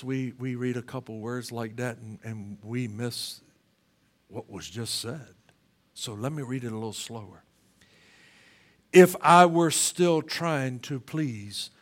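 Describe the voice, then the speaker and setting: Preaching in church, this man moves from loud, forceful passages to slow, hushed questions. His voice is mid-range, and he often repeats words when starting a phrase.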